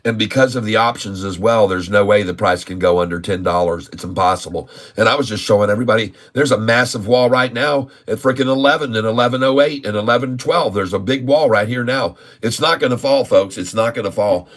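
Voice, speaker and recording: Hosting a stock trading livestream, a man with a lowish voice speaks briskly and with few pauses. His casual market commentary is emphatic and repetitive, and he keeps calling his audience "folks."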